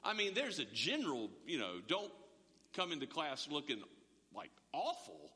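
A man's voice: fairly high pitch, huge pitch swings, moderate pace, sharp tone, voice pushed down, exaggerated voice. A man voicing a polite young female college staffer who talks in a politely amused way, as he quotes her in a sermon. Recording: long hall reverb.

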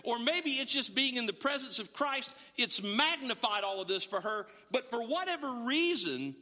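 A man preaching a sermon as pastor, animated and acting out his listeners' voices. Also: very high voice, moderate pace, long reverb tail.

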